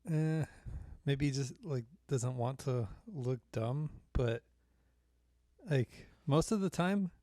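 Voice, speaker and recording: A man co-hosts a podcast in easygoing, casual chat. He often answers with short listening sounds and then adds a few relaxed opinions of his own. His voice is recorded dry, with no room around it. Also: medium pitch, takes it slowly, no room sound. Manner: laid-back, short listening replies. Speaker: podcast co-host.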